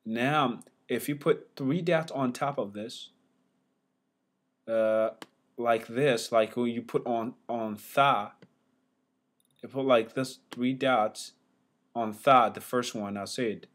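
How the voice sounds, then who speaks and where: A man talks through a relaxed whiteboard lesson at an unhurried pace. He repeats each letter sound several times, with fillers and restarts, and his voice sits at an ordinary middle pitch. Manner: slow, repetitive, sounds letters out loud. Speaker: teacher.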